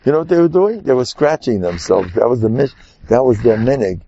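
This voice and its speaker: A man's voice: medium pitch, lively intonation, a little fast, warm tone, slight background noise. A man giving an informal, joking religious talk full of personal stories and Yiddish and Hebrew terms, in a dull lo-fi recording. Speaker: religious speaker.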